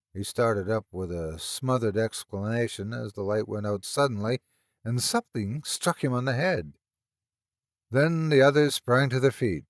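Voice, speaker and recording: A man narrating a classic horror story in an expressive, dramatic storytelling manner. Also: medium pitch, dry recording, studio quality.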